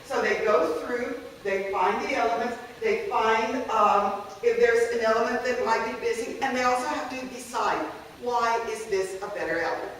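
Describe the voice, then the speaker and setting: A woman's voice: on the high side, moderate pace, hardly any pauses, a bit bright, a little hiss or hum. A woman teacher giving a conversational workshop talk on classroom activities, often checking in with the audience. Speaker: language teacher presenting a workshop. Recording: echoey room, voice from a distance.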